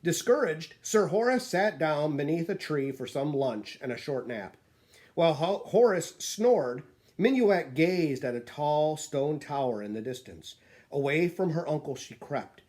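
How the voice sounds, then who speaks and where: A man reading a children's picture book aloud in an expressive storytelling manner. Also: on the high side, unhurried.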